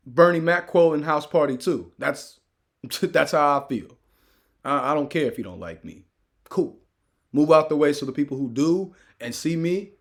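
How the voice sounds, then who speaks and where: Man, sports vlog host, slightly high voice, emphatic, repeats himself, animated, room of memorabilia. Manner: emphatic, repeats phrases for effect; animated, swings loud and soft. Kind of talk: casual opinion commentary. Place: room full of fan memorabilia.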